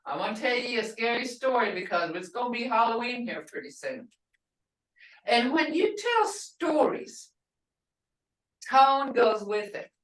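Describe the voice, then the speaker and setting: An older woman teaching a language class, who speaks slowly and patiently and repeats each word so her students can hear its tone. She is heard from some way off the mic, in a room with a noticeable echo. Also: a little high, very animated, fairly bright tone. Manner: patient, repeats words to model tones. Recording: roomy, distant from the mic.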